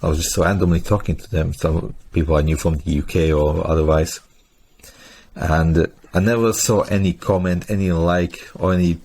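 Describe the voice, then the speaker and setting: A man hosting a podcast, chatting in a relaxed, conversational way. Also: deep voice, normal speed, slight background noise. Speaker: podcast host. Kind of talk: casual interview chat.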